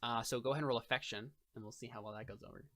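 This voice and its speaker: Bright-voiced man running a tabletop game. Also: mid-range voice, fairly even intonation, very fast. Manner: rambling with many fillers and restarts. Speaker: game master.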